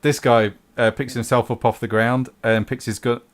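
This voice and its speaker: A man running a tabletop role-playing game, calmly making rulings and correcting himself. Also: medium pitch, normal speed. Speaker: game master.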